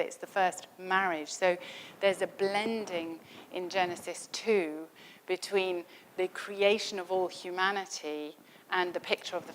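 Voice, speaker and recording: A woman's voice: on the low side, fairly bright tone, a little hiss or hum. Woman teaching theology in a conversational way. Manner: conversational, thinking aloud with rhetorical questions. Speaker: theology lecturer. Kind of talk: spoken Bible teaching. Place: lecture at a summer school.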